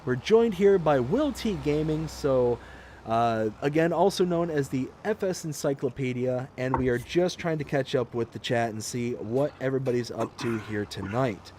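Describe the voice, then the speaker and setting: A man hosts a livestream of a farming game, reading viewer comments aloud in a chatty way and laughing often. His mid-range voice is mellow and moves at normal speed, with slight background noise.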